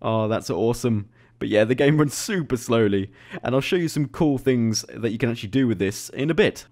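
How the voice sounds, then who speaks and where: A man at a middling pitch talks through a video game showcase in a loose, casual way. He is chatty and easily excited, and he often breaks into laughter. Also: fairly quick. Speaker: YouTube gaming host. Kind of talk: casual gameplay commentary.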